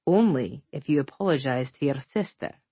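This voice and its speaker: A woman voicing an easygoing father talking to his young daughters, relaxed but able to be firm. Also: very deep voice, moderate pace, breathy edge, no echo, full character voice. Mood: fatherly. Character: easygoing family dad, gentle but firm.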